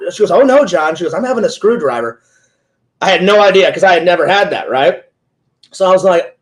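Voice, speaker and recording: A man's voice: sits high, big pitch swings, fast talker, low-quality recording. A man in his forties, an interviewer and streamer, telling a long casual story full of quoted back-and-forth. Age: 40s. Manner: rambling retelling full of "he goes" quotes.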